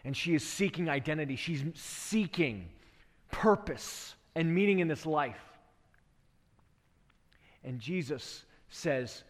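Male preacher, earnest sermon, higher voice, reverberant church. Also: lively intonation, slow pace, pauses often. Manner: earnest storytelling with rhetorical questions.

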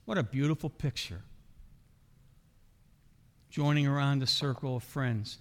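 A man's voice: medium pitch, a little slow, fairly bright tone. A middle-aged man preaching a sermon as a pastor, asking the congregation rhetorical questions. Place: church sanctuary. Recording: long hall reverb.

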